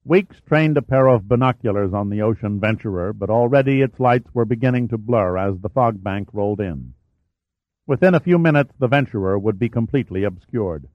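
A man narrating a story in a measured, even way. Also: on the low side, no echo. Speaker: audiobook narrator. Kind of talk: scripted narration. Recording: dry, slightly dull recording.

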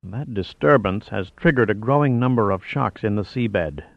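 A man's voice: fairly low pitch, normal speed, vocal fry, no room sound, lo-fi sound. A man voicing a gloomy, hesitant male seismologist who sounds worried. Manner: dismal, hesitant.

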